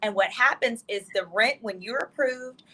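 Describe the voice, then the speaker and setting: Bright, excited woman legal expert. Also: a little high, rough recording. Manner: fast, excited, emphatic. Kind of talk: excited explanatory talk show segment. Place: hotel room.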